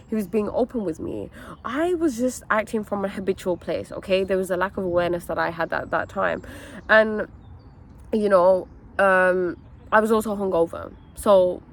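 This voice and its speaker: A woman's voice: on the low side, slight background noise. Earnest young woman telling a personal story. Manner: earnest and animated, with many fillers and "okay?" asides. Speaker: wellness content creator. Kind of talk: candid personal storytelling vlog.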